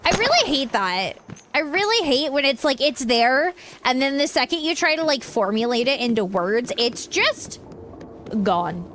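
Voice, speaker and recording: A woman's voice: sits high, very animated, normal speed, fairly bright tone, a little hiss or hum. A young woman streaming a game in casual, rambling chat, tired and swearing now and then. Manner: rambling, frustrated, drops swear words. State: tired, yawning.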